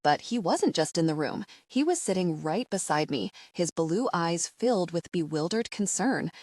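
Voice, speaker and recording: A woman narrating a first-person audiobook in an expressive, wry, conversational way. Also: fairly low pitch, normal speed, dry recording.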